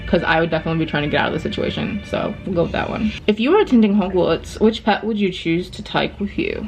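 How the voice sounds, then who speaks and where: A woman's voice: on the low side, creaky, low-quality recording. A woman vlogging in a casual, chatty way, reading quiz prompts aloud, reacting to them frankly and swearing now and then. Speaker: book vlogger. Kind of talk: casual vlog chat.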